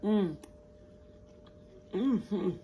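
A mukbang host chats casually with viewers, calling them y'all and eating between lines. She has a warm, medium-pitched voice with drawn-out words, and there's slight background noise.

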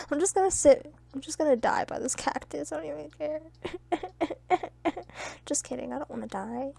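A young woman with a high, creaky voice talks fast and barely pauses while gaming with friends. She trades playful trash talk and teasing in a casual chat, often breaking into loud laughter.

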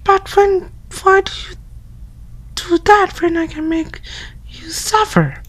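A man voicing a sarcastic teenage friend in a high, breathy whisper with a mocking manner. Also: fairly even intonation, slow pace, fairly bright tone, full character voice. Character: teasing, snarky teenage friend. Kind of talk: voicing game dialogue.

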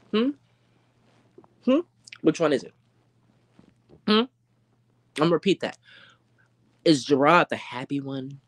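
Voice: medium pitch, no echo. Confrontational, profane commentary host, dry sound. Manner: confrontational, profane, rhetorical questions; slangy, drawn-out taunting. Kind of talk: live commentary rant.

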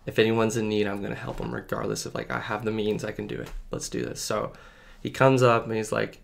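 Here a man with a lowish, creaky voice talks fairly quickly in a sing-song way. As a podcast guest in a relaxed testimony conversation, he shares his faith journey earnestly, wandering off track and filling gaps with fillers.

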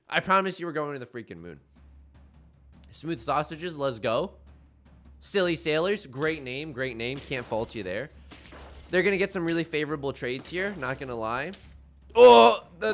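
A man giving casual, jokey commentary while playing a game, with sudden loud outbursts. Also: medium pitch. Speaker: gaming YouTuber.

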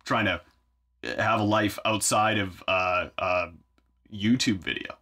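A man's voice: lowish voice, fairly even intonation, slow pace, bright, forceful tone, soft background music. A man hosting a songwriting vlog from his home studio, talking casually in a wry, self-mocking way as he thinks aloud while working. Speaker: songwriter and video host.

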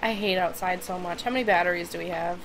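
A woman's voice: on the low side, steady tone, fast, noisy background. Dry-voiced young woman co-playing. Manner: dry, teasing, giving directions. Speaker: let's play co-player. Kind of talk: casual co-op gameplay chat. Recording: game sounds loud behind voice.

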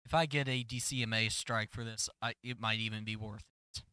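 A man's voice: on the low side, fairly even intonation, fairly quick, bright, forceful tone, smooth, no room sound. A man talking as a teammate over casual game voice chat, giving short, matter-of-fact answers.

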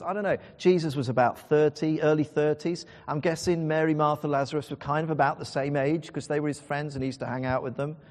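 A man's voice: fairly high pitch, darkish tone. A man preaching a sermon in a conversational, emphatic storytelling way. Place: church. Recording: church hall reverb.

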